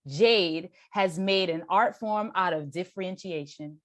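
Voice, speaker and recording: A woman's voice: lowish voice, measured pace, few pauses, a bit bright, dry recording. A woman with a Boston accent moderating an online event, introducing the speaker with effusive, repeated praise.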